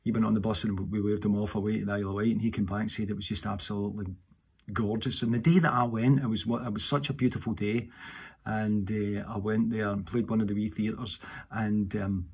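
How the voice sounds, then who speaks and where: A Scottish man, a singer answering audience questions in a rambling, casual chat, animated in his seat and restarting his sentences often. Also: on the low side, fairly quick, breathy edge. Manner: animated while seated.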